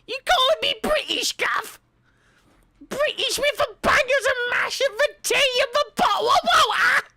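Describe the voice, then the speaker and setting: A man's voice: very high-pitched, measured pace, creaky, pushed and bright, a little hiss or hum, pitched above the performer's own voice, heavily acted. A man voicing an exaggerated, indignant caricature of a British bloke, squealing and mocking. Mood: mock outrage.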